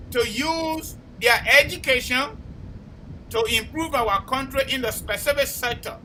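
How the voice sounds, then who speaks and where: Forceful high-voiced Liberian man host. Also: moderate pace, slight background noise, low-quality recording. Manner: forceful, combative, repeats words when heated. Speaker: talk show host. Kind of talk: call-in talk show commentary.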